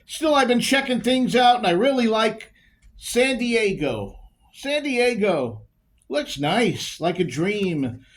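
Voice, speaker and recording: A high-voiced, rambling divorced man pours out his troubles, as performed by a man. He is confused and emotional, circling back to repeat lines and stretching words slowly in a halting monologue. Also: animated. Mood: wistful.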